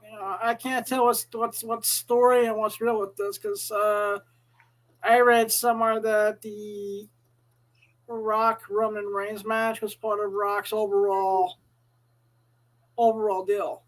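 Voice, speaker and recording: A podcast host chatting casually, hesitant and full of restarts. The voice sits at a middle pitch, relaxed and conversational. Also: low-quality recording. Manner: halting, full of fillers and restarts.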